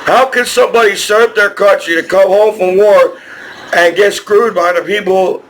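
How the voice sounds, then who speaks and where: A man's voice: high voice, steady tone, moderate pace, fairly bright tone, poor audio. A man from New Jersey with a New Jersey accent, delivering a rambling, aggrieved vlog monologue to the camera, stammering through frequent restarts. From New Jersey, USA. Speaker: vlogger.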